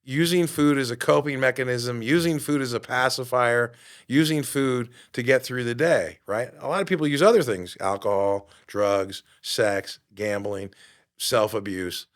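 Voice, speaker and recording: A man's voice: medium pitch, measured pace. Emphatic middle-aged man hosting a podcast. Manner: emphatic and preachy, asks the listener rhetorical questions; swears casually. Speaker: podcast host. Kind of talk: motivational podcast talk.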